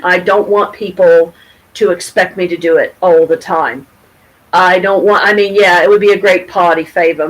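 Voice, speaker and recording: Rambling, excitable woman livestreaming. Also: on the low side, poor audio. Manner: rambling, swearing, excitable, lots of ums. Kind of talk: casual livestream monologue.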